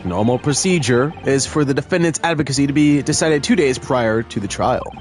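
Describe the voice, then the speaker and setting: A man voicing a stern elderly male judge in a courtroom game, formal and measured. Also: mid-range voice, darkish tone, slight background noise, close to an everyday voice.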